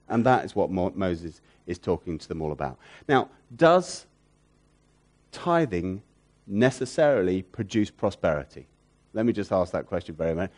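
A man preaching a sermon who repeats key phrases for emphasis, asks rhetorical questions, and moves between loud emphatic peaks and hushed, soft lines. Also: medium pitch.

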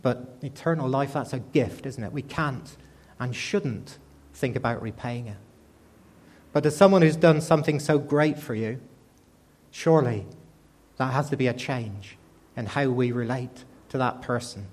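A man's voice: mid-range voice, unhurried, darkish tone. Man preaching a conversational sermon. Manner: conversational, asks many rhetorical questions.

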